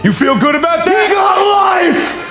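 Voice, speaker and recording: A furious shouting vigilante. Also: male voice, very high voice, lively intonation, normal speed, creaky, over music, crowd noise, exaggerated voice. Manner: shouting, bitter. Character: furious hardened male vigilante. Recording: roomy TV drama clip.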